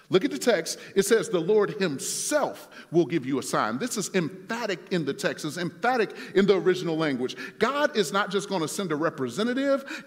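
A man's voice: high voice, fairly bright tone. A man preaching a sermon as pastor, emphatic and building through repeated refrains, with speech, in a church sanctuary. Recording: reverberant sanctuary.

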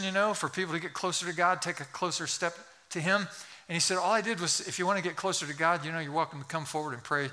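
A pastor with a high-pitched, sharp-toned voice preaches to his congregation in a church sanctuary. He tells a story and builds to fervent pleas.

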